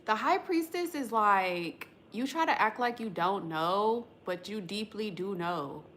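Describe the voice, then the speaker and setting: She has a mid-range, a bit bright voice with lively intonation, talking a little slowly over slight background noise. The speaker is a woman from the American West Coast hosting a tarot livestream, rambling loosely with viewers in slang and casually swearing.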